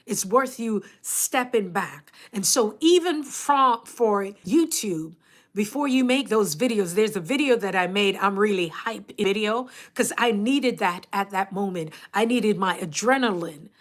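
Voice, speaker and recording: A woman with a Jamaican accent, hosting a casual livestream and chatting to her viewers, animated and laughing often. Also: mid-range voice, a little slow. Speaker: YouTube coach and livestream host.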